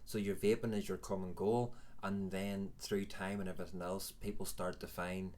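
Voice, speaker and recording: In a casual live chat show, a vape reviewer in his forties from Northern Ireland talks frankly and self-deprecatingly, wandering from point to point. He has a low, even voice with a slightly mellow quality and speaks at an ordinary pace.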